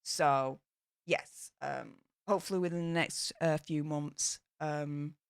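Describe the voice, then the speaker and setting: A woman's voice: sits low, fairly even intonation, slow pace, gravelly, smooth, no echo. A woman hosting a casual livestream from her home studio, chatty and upbeat, with plenty of fillers. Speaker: livestream host. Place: home studio room in a new house.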